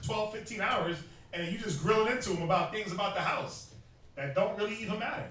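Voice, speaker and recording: A young man street teaching to a group, animated and joking, often mimicking people. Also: high-pitched. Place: outdoors in a city. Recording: very echoey, distant from mic.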